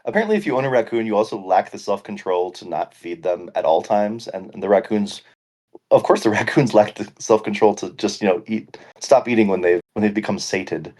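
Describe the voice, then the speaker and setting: A man's voice: on the low side, fairly quick, a little mellow. A man co-hosting a casual podcast chat, joking and rambling, laughing often. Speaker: podcast co-host.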